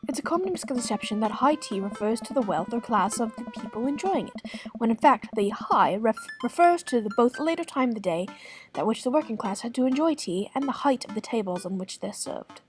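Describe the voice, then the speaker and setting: Woman voicing a soft-spoken formal goth man. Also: on the high side, expressive, brisk, faint music behind, natural voice. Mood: lecturing. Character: gentle formal goth man, old-fashioned. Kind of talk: reading game dialogue aloud.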